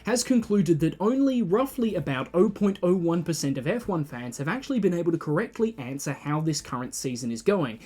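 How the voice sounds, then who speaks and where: An Australian man hosting a satirical news parody in a sardonic, swearing, animated delivery. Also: fairly high pitch, a little fast, hardly any pauses, slightly rough.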